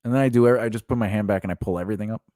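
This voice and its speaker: A man's voice: fairly low pitch, very fast, dark tone, no room sound, studio quality. A man co-hosting a podcast, telling a story in casual chat. He acts out the quoted dialogue and laughs often as he goes. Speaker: podcast co-host.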